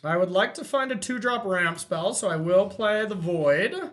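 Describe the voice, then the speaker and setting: A man hosting a card game session, thinking aloud as he counts and checks his plays in relaxed, self-amused commentary. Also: high voice, measured pace. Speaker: host playing a card game. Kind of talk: casual gameplay commentary.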